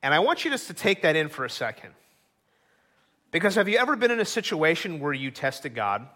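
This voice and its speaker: Man, pastor, sermon, middle-aged, earnest preaching, high-pitched, bright tone. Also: sing-song, brisk. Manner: earnest preaching, acts out quoted voices.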